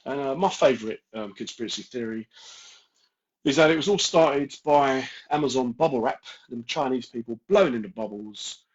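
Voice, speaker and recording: London man, live-stream host, blunt and jokey, mid pitch, muffled lo-fi sound. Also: normal speed. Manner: straight-talking, jokey, addresses viewers by name. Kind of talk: casual live-stream chat reading viewer comments.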